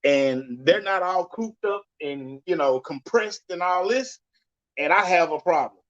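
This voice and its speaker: A man hosting a podcast, giving a loud, blunt, cursing rant with sudden jumps in pitch. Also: lively intonation, measured pace. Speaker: podcast host. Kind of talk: profane ranting monologue. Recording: dull lo-fi sound.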